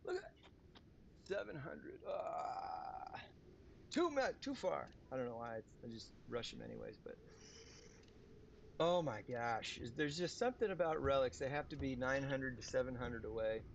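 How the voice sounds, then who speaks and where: A man's voice: medium pitch, big pitch swings, normal speed, vocal fry, a little hiss or hum. A man, casually chatting on a live game stream, rambling, talking to himself and his viewers. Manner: rambling, talks to himself and chat. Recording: dull lo-fi stream audio with music.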